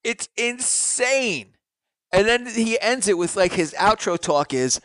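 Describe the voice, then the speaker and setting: A man's voice: high-pitched, lively intonation, slow pace, a bit bright, no room sound, clean studio sound. A man co-hosting a podcast, reading song lyrics aloud with dramatic relish and casual swearing. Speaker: podcast co-host. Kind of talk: casual chat.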